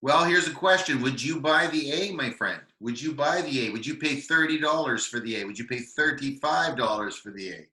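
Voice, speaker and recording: Canadian dude gushing over whisky, bright sharp voice, lots of ums, roomy echo. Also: male voice, mid-range voice. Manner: enthusiastic, halting with many fillers. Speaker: co-host of a whisky tasting show. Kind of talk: casual tasting chat.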